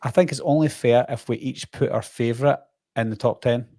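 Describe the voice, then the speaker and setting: A man's voice: medium pitch, brisk, warm tone, no room sound, clean studio sound. A Welsh man co-hosting a casual podcast chat, easygoing and reading out viewer comments. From Wales. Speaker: co-host.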